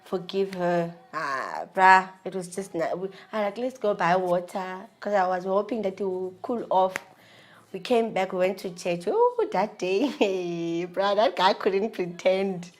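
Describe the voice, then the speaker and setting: A South African woman recounts a personal story with candid, slangy energy. Her voice sits at an ordinary middle pitch, and her telling moves from hushed asides to lively bursts. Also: a little slow. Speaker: vlogger.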